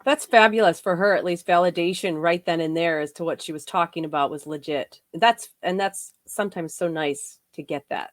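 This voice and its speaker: A woman with a fairly low voice chats freely as an interview guest, laughing easily and catching herself mid-sentence. The sound is dry and close, with no room behind it. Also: moderate pace, hardly any pauses, dry recording. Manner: chatty, laughs often, self-correcting. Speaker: psychic medium guest. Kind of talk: casual interview chat.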